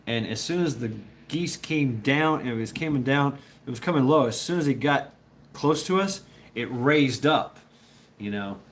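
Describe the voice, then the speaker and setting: A man's voice: medium pitch, lively intonation, normal speed, a little hiss or hum. A man telling a rambling, profane story in casual chat with his viewers, often laughing. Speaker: livestreamer chatting with viewers.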